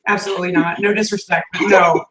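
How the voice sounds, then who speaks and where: A woman's voice: fairly low pitch, steady tone, quick pace, fairly bright tone, roomy sound, rough recording. A woman with an American accent chats in a friendly way, laughing often, as co-host of a live video call. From United States. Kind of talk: casual chat on a live stream. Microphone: webcam on a video call.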